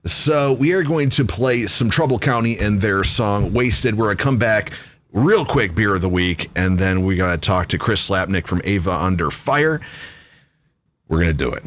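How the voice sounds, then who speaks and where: A man's voice: fairly low pitch, expressive, normal speed, fairly bright tone. A man hosting a talk radio show, chatting loosely, cursing and joking at his own expense. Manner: loose, cursing, self-mocking banter. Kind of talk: casual talk radio chat.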